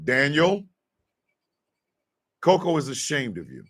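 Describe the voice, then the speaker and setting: A man's voice: mid-range voice, wildly swooping pitch, slow, fairly bright tone. A man hosting a casual live stream, scolding a troll in mock indignation and tacking "sir" onto his lines.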